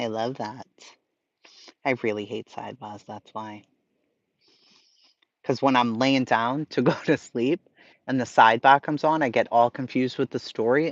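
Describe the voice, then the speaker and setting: A man hosting a casual livestream, chatting to viewers in an excitable way and swearing freely. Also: medium pitch, no room sound, highs cut off. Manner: profane, excitable, talks to chat. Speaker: livestream host.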